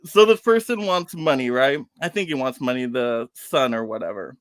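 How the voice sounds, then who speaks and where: A man reviewing films in a casual online round-table chat, animated and exasperated when he picks apart a plot. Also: mid-range voice, normal speed, smooth, no echo, studio quality. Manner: animated, exasperated ranting about plots.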